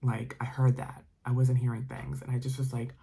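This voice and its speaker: A man's voice: medium pitch, completely flat delivery, normal speed, creaky, dark tone, slightly rough. A man telling a spooky story casually, rambling with many fillers and dropping into whispers. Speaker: storytime narrator.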